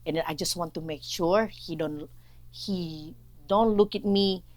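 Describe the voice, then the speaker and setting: A woman's voice: on the low side, dry recording. Indonesian-accented woman sharing faith testimony. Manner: halting, searching for words, acts out her own past speech.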